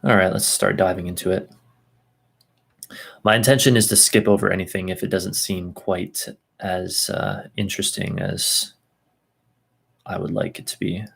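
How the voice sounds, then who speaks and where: A man's voice: low voice, steady tone, normal speed, creaky, pauses often, fairly bright tone, husky. A man reading a text aloud at an easy pace, stopping for asides and second tries at hard names. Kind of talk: casual reading and commentary.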